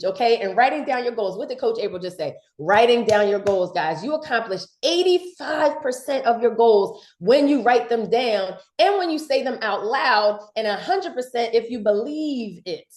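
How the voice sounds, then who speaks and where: Fast-talking woman from Philly, motivational. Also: a little high, reverberant. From Philadelphia. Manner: fast, excited, preachy, repeats points. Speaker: sales trainer. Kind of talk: motivational training talk.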